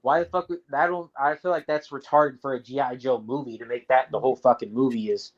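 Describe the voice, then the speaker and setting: A man's voice: medium pitch, fairly even intonation, fast talker. A man hosting a livestream in casual, profane chat, ranting heatedly with heavy swearing and many restarts. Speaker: livestream host. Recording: dull lo-fi audio.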